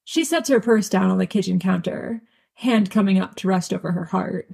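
A woman narrates a story in a wry, deadpan way. Her voice is gravelly and husky, and she sits at a middling pitch. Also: normal speed. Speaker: audiobook reader. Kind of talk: fan audiobook narration.

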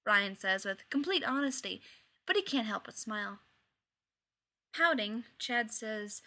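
A woman reading fan fiction aloud with wry, expressive storytelling. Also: a little high, measured pace, pauses often. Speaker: reader.

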